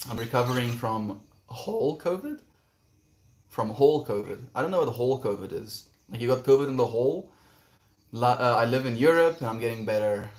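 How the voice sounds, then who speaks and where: A man's voice: mid-range voice, animated, fairly quick. A man on a casual livestream outdoors, reading viewer messages aloud and musing on them in a reflective way. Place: outdoors, quiet spot.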